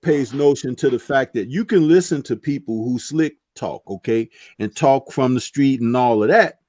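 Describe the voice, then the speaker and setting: A man's voice: medium pitch, normal speed, a little mellow, no room sound. A man on a boxing talk panel speaking earnestly and preachily, driving his points home with "okay" asides. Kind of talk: casual panel chat.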